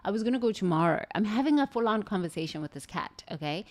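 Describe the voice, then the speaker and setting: Animated woman storyteller. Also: medium pitch, fast talker. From southern Africa. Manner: animated, exclamatory, frequent restarts. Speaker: spiritual speaker. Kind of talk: personal spiritual storytelling.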